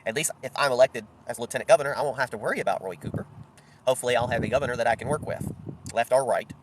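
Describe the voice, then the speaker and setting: A man's voice: mid-range voice, very fast, background noise. A middle-aged man giving solo political commentary, blunt and sarcastic in tone.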